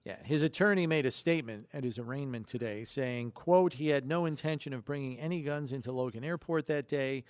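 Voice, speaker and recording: A man's voice: medium pitch, brisk, hardly any pauses, no room sound, clean studio sound. A man co-hosting a sports radio show, reading news items and cracking wry jokes in casual chat. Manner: wry, joking asides.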